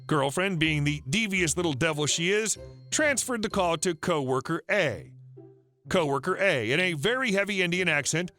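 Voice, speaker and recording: A man reading online revenge stories as a scripted narration, upbeat and expressive. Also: on the high side, normal speed, soft background music. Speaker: story narrator.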